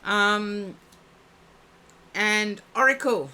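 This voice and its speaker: A woman's voice: medium pitch, extremely slow, bright, forceful tone, slight background noise. A woman giving a live-streamed oracle card reading, chatting and thinking aloud as she reads. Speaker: psychic card reader.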